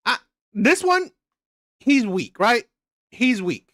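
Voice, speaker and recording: A man's voice: very high voice, sing-song, takes it slowly, a bit bright, dry recording. A man hosting a reaction channel, ranting with heavy profanity and repeating himself. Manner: profane, heated, repetitive.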